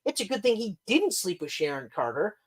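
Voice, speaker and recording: Animated, laughing male podcast co-host. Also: high-pitched, a little fast. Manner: animated, profane, laughing often. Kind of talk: casual chat.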